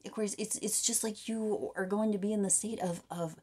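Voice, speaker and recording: A woman giving an excited tarot reading, gushing and repeating herself, often dropping into breathy whispers and running out of breath. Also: mid-range voice, brisk. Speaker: tarot reader.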